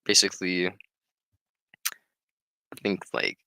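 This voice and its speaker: A man's voice: sits low, expressive, takes it slowly, gravelly, pushed and bright, clean tone, dry recording, rough recording. A man casually reading a book aloud and commenting, rambling and swearing, with many filler words. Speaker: reader and commentator.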